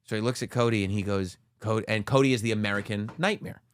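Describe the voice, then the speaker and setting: Man, low register, podcast co-host; animated retelling, dry close-mic sound. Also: smooth, no room sound. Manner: animated storyteller, acts out quotes with dramatic pauses. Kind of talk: casual podcast chat, excitedly retelling a wrestling show.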